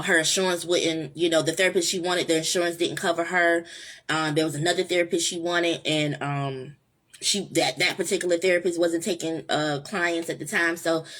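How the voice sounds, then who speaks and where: Speaking in a lowish, fairly bright voice with a breathy edge, a woman hosts her own vlog. She rambles earnestly through a casual, heartfelt monologue, often using fillers and starting over.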